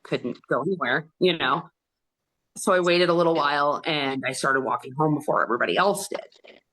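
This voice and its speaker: A woman with a low-pitched voice speaks as a guest on an interview podcast. She tells a painful personal story in an earnest, halting way, often stopping to restart. She voices other people's remarks in quoted dialogue. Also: fairly bright tone.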